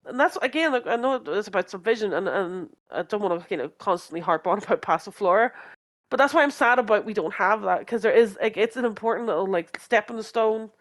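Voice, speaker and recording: A woman's voice: medium pitch, animated, fairly quick. A woman co-hosting a podcast in casual fan chat, rambling with many fillers and restarts and laughing often. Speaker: podcast co-host.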